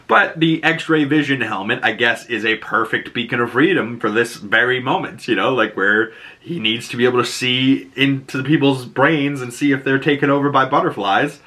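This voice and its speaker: A man with a Boston accent talks through a show recap in a loose, animated way. His voice is bright and forward, and he swears freely as he pops into high-pitched impressions of the characters. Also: moderate pace. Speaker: pop culture recap host. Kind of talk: casual episode recap.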